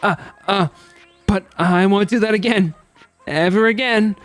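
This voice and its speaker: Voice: medium pitch, a little slow, soft background music, voice pushed up, close to an everyday voice. A streamer voicing a nervous young male prisoner in a game, stammering and apologetic. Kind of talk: reading game dialogue aloud.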